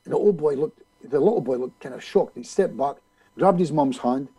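A man, a hypnotist being interviewed, telling a story in an animated way and acting out other people's lines. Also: fairly high pitch, brisk, slightly rough, no room sound, rough recording. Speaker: hypnotist guest.

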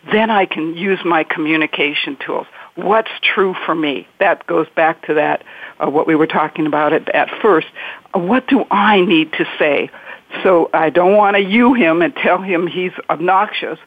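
A woman's voice: fairly low pitch, normal speed, no echo. A woman, a marriage and family therapist, giving earnest advice in an interview and acting out inner speech. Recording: tinny phone-line sound.

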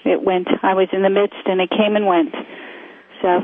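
A woman co-hosting a call-in advice show, talking gently and searching for her words as she goes. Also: medium pitch, flat delivery, moderate pace. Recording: phone-line audio.

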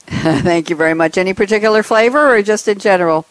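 A woman's voice: mid-range voice, fairly quick, dry recording, poor audio. A woman hosting a radio panel show, chatty and effusive, laughing easily between guests. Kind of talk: lively hosted panel talk.

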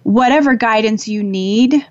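A woman hosting a spiritual call-in show as an angel communicator, talking in an affectionate, gentle way with soft fillers and pauses. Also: fairly high pitch, dry recording, lo-fi sound. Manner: warm, affectionate, laughs often, pauses with fillers. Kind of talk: spiritual talk show monologue.

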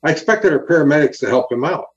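A man and former highway patrol officer telling a story in an interview, earnest and animated, acting out the quotes. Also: quick pace, dull audio.

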